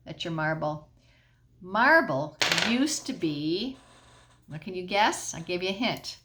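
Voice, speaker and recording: A woman's voice: fairly low pitch, expressive, slow pace, heavy background noise. A middle-aged woman teacher explaining a science lesson at home in a patient way, often checking in with the class.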